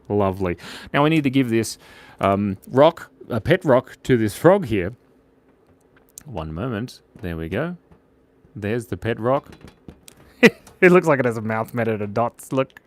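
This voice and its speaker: A man hosting a live drawing stream, chatting playfully with viewers and reading out their comments. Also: on the low side. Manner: playful, chatty, reads out viewer comments, often drops to a mumble while drawing. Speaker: livestream drawing host.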